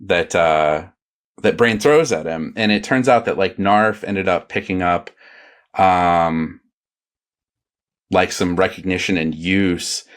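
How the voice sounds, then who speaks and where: Deep-voiced man, rambling podcast chat. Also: takes it slowly. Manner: rambling, hesitant, full of fillers and restarts. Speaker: podcast panelist.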